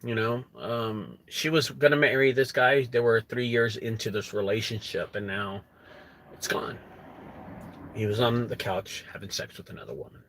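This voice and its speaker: A young adult man who runs a junk removal business, telling a story to camera in an animated way and acting out quotes. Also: moderate pace, slight background noise. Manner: animated, acts out quotes with rising pitch.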